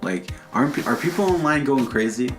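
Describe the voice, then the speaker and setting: An American man co-hosting a podcast in casual chat, jokey and quick to slip into goofy impressions. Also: medium pitch, expressive, soft background music. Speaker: podcast co-host.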